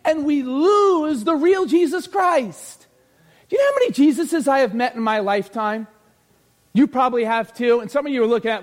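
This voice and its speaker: An energetic man preaching in a church with a very high voice. He jokes, asks the congregation questions, and shouts his points for emphasis. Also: normal speed. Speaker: pastor. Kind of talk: sermon.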